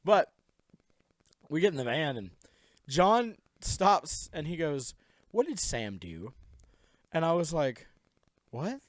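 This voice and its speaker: A man's voice: on the high side, big pitch swings, slow, pauses often, dry recording, studio quality. A young man co-hosting a podcast, telling a story in a rambling, laughing way and acting out quotes in silly voices. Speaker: podcast co-host. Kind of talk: casual chat, storytelling.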